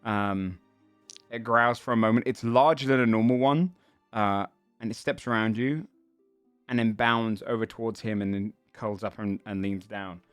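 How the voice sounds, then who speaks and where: A man narrates a tabletop game as game master, laying out the scene slowly and haltingly with plenty of ums. His voice is lowish, the room is dry, and faint music plays behind him. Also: steady tone, clear, resonant tone, no echo. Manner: descriptive, halting, many fillers.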